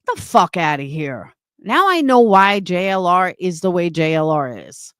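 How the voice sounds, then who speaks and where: A woman's voice: on the low side, big pitch swings, a little slow, clear, resonant tone, dry recording. A woman streamer delivering an angry, profane, confrontational rant on a livestream.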